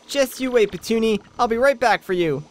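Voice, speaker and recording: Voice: mid-range voice, lively intonation, a little fast, close to an everyday voice. A gamer voicing an earnest, eager young male tree-creature while reading a video game's dialogue aloud. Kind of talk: Let's Play dialogue reading.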